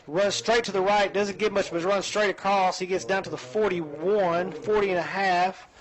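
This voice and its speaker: A man calling high school football play-by-play in a folksy, chatty way. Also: moderate pace, poor audio. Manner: folksy, chatty, excitable on big plays. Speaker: play-by-play announcer.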